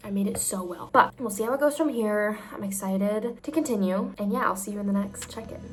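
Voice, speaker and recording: A woman vlogging about her reading in casual check-ins, gushing and emotional, full of "like", sometimes dropping to a soft whisper. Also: medium pitch, a little fast.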